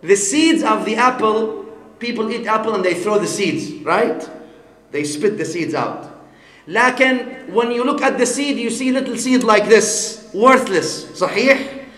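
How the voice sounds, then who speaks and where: High-voiced man preaching in an echoey hall. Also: unhurried, fairly bright tone. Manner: teaching with examples, asks the audience "huh?" often; mixes Arabic words and phrases into English. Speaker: Islamic scholar giving a lecture. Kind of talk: sermon. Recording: echoey hall with long reverb.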